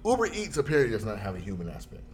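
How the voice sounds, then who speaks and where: A man telling a funny everyday story in a casual chat, jumping into high voices when he quotes people. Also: wildly swooping pitch, very fast.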